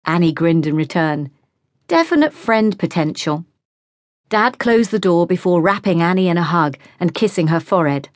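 A woman narrating a teen novel as an audiobook, reading at an even storytelling pace into a close studio mic. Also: fairly low pitch, normal speed, dry recording. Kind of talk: scripted narration.

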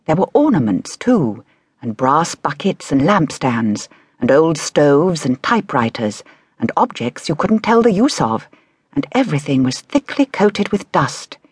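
Female children's-book narrator, measured and expressive, husky tone, very lively pitch. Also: dry recording, clean studio sound. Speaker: audiobook narrator.

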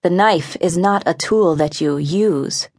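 A woman's voice: fairly low pitch, takes it slowly, darkish tone. A woman voicing a stern older brother who gives firm, instructive advice in an audiobook. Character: stern older brother giving knife lessons. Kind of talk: audiobook character voice.

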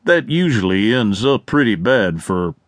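A man voicing a smug low-drawling outlaw gambler. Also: big pitch swings, a little slow, no echo, clean studio sound. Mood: smug taunting. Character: cocky smirking male outlaw gambler, drawling.

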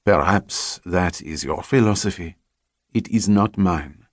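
A man voicing a cool, businesslike French woman spy with a thick French accent, speaking crisply and with finality. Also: low-pitched, measured pace, no echo, studio quality. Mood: cool, curt. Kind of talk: audiobook character voice.

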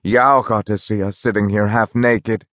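A man's voice: lowish voice, steady tone, measured pace, fairly bright tone, no room sound. A man voicing Deutschmann, a jokey ex-convict worker with a wry, amused manner, in a dry reading.

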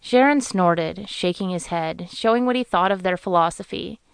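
Smooth, low-voiced woman narrating an audiobook. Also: no echo. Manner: measured, even storytelling. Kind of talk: scripted narration.

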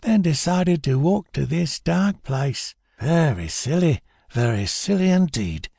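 A man voicing a small, rat-faced male mugger who mocks and threatens his victim, raised well above his own pitch with a thinner, altered tone. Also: animated, a little slow, gravelly, mellow, slightly rough, dry recording, studio quality, heavily acted. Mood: sneering menace. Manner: mocking, threatening.

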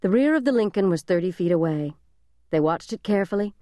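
A woman narrating a thriller audiobook in a measured, suspenseful reading, close to the microphone. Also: mid-range voice, animated, dark tone, dry recording. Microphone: close studio mic.

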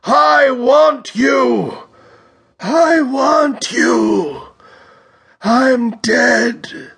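A man's voice: a bit bright, exaggerated voice. Man voicing a terrified young woman psychic. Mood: frantic shrieking. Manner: high, breathy shrieks and trembling pleas. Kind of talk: audiobook character voice.

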